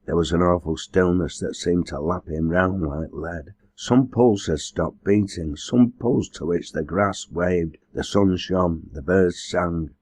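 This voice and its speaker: A man reading a novel aloud as an audiobook narrator, in a measured, earnest way. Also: low-pitched, a little mellow, slightly rough, no echo. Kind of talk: scripted narration.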